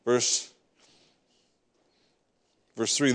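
A man's voice: medium pitch, moderate pace, pauses often. A man preaching a sermon, reading scripture and acting out the prophet's prayers, repeating words as he builds each point. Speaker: pastor.

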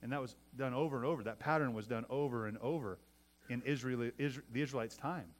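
A middle-aged pastor with a mid-range voice preaches fast and conversationally, restarting his phrases and often asking listeners "right?"

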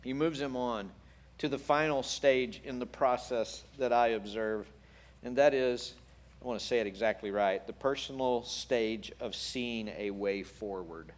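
A man preaching a sermon in an animated, playful way with wry humor. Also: medium pitch, unhurried. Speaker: pastor.

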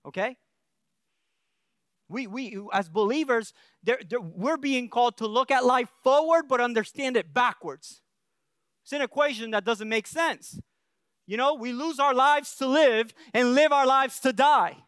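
A man's voice: very high voice, a little slow, fairly bright tone, clean tone, no room sound, studio quality. A male pastor preaching a sermon in an earnest way, often checking in with the congregation and restarting his phrases.

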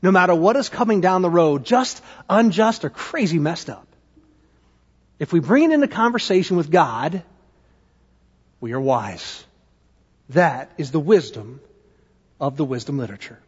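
A man in his thirties, a pastor, preaching a conversational sermon in a church with lively questions to the congregation. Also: on the high side, normal speed, pauses often, breathy edge. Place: church sanctuary. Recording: dull, lo-fi sound with long hall reverb.

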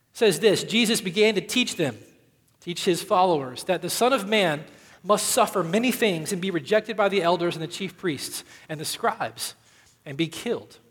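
Man, pastor, sermon, emphatic preaching, high voice, long church reverb. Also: a bit bright. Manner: emphatic preaching, building in force and dropping low on key words. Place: church sanctuary.

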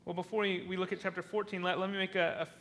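A man's voice: sits high, level tone, very fast, a bit bright, big-room sound. A man preaching a sermon, retelling a scripture passage and acting out its lines, often repeating and restarting words. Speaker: pastor.

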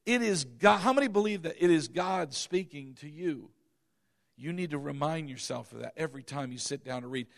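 A man's voice: fairly high pitch, normal speed, gravelly. A middle-aged male pastor preaching a sermon, emphatic and repetitive, with chuckling asides.

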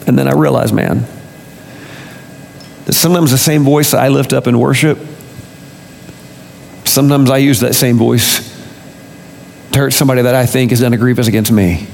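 A man's voice: mid-range voice, fairly even intonation, normal speed, creaky, long pauses, a little mellow, big-room sound, a little hiss or hum. A man preaching a sermon with impassioned delivery that builds to emphatic, rising peaks. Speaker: pastor.

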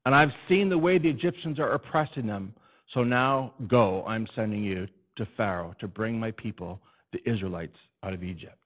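A man voicing a calm, matter-of-fact divine figure who reassures and commands. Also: fairly low pitch, normal speed, close to an everyday voice. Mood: commanding. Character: calm, assured divine voice, male. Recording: dull, muffled recording.

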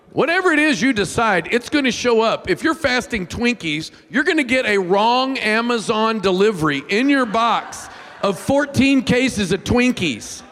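A man preaching a sermon in a church, telling funny stories about himself in an animated, self-mocking way. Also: high voice. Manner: animated, self-mocking, jumps into loud whiny voices. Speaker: pastor. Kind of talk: sermon with humorous storytelling. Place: church sanctuary. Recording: long reverb in a large hall.

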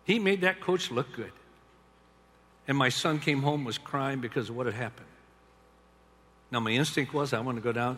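An older man telling stories in a sermon to a large gathering of men, swinging between hushed tenderness and loud emphasis. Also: medium pitch, moderate pace, long pauses, a little hiss or hum. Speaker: speaker to a men's gathering. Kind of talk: sermon-style storytelling talk. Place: large arena or stadium. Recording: long hall reverb.

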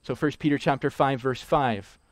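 A man preaching a sermon, emphatic, repeating key lines slowly for weight. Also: medium pitch, no room sound. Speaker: pastor.

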